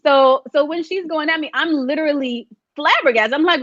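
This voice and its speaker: A woman's voice: high voice, fairly quick, no echo, muffled recording. A woman guest from a dating reality show, chatting casually in an interview and acting out what others said. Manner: animated storyteller, acts out quotes of others.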